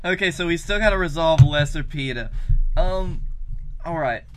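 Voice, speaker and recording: A man's voice: on the high side, moderate pace, noisy background. A man co-hosting a comedy podcast, chiming in with dry, probing remarks. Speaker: podcast co-host. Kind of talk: comedic banter.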